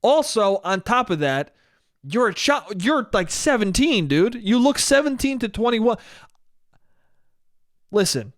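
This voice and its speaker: Young man chatting solo, slightly high voice. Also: sing-song, unhurried, pauses often, a bit bright, no echo, studio quality. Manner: loose, profane and conversational, with frequent restarts. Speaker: podcast host. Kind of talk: casual solo storytelling.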